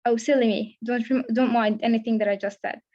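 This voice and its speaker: A woman's voice: a little high, fairly even intonation, a little fast, dark tone, highs cut off, close to an everyday voice. A woman reading aloud, giving voice to a chatty, cheerful young woman who rambles apologetically.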